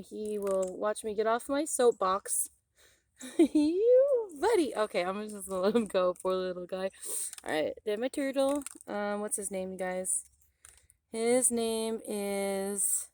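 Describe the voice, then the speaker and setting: A woman vlogging outdoors near a forest, rambling with many ums and talking straight to her viewers, sometimes cooing gently to an animal. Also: no room sound. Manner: coos softly to an animal in a higher voice. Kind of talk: casual rambling vlog.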